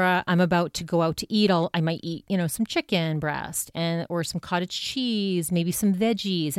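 A woman's voice: lowish voice, a little mellow, dry recording, clean studio sound. A woman hosting a podcast, talking casually in a chatty, rambling way and retelling a conversation with many fillers. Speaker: podcast host. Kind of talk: casual solo podcast monologue.

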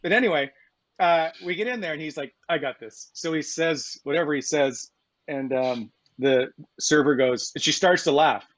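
A man's voice: fairly high pitch, normal speed, fairly bright tone, no room sound, muffled recording. A man co-hosting a podcast in casual chat, telling stories and laughing easily. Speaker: podcast co-host.

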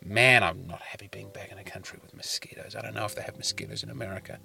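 A man with an Australian accent, a comedian hosting his podcast, telling rambling stories with wry, animated asides from inside a parked car. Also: fairly low pitch, quick pace, gravelly, hardly any pauses, faint music behind. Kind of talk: casual comic storytelling. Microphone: podcast mic in a car.

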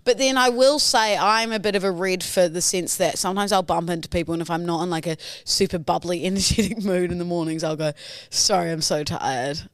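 A woman's voice: lowish voice, fairly even intonation, fast talker, few pauses, no echo, studio quality. A woman co-hosting a podcast, playful and swearing, laughing often during banter. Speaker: podcast co-host. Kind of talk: casual banter.

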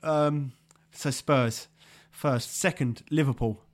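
A man's voice: medium pitch, takes it slowly. A young man co-hosting a football podcast in casual chat, laughing easily and calling his co-host mate. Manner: chatty, laughs easily, says mate a lot.

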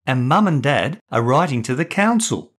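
A man doing a high, tearful little boy. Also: big pitch swings, normal speed, fairly bright tone. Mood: eager. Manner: high, pleading, wailing. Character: young boy, tearful and stubborn.

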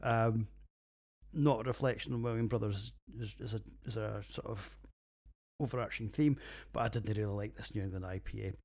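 A middle-aged man with a Scottish accent talks through his beers in a loose solo podcast. His voice sits a little low, and he is crude, sweary and jokey, with a rough pub-banter manner. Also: fairly even intonation, moderate pace, a little mellow. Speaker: podcast host reviewing beers. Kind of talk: casual solo podcast monologue.

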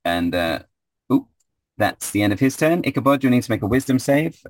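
A man's voice: medium pitch, lively intonation, a little fast, no echo. A man running a tabletop game as game master, hesitant with many fillers.

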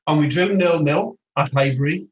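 A man as an interview guest, telling football anecdotes in an animated way and acting out other voices, recorded remotely. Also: on the high side, normal speed, lo-fi sound. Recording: roomy echo, distant from the mic.

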